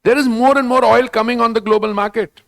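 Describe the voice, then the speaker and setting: A man's voice: very high voice, steady tone, fast talker, fairly bright tone, dry recording. An older man with an Indian English accent, speaking as a government minister in a festival panel conversation, talking in a discursive, digressive way and dropping Hindi phrases into his talk.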